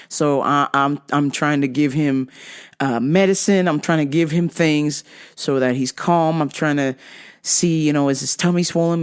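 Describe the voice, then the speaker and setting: A woman hosting a podcast, telling stories in a profane, ranting way. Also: deep voice. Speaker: podcast host. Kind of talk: casual profane storytelling.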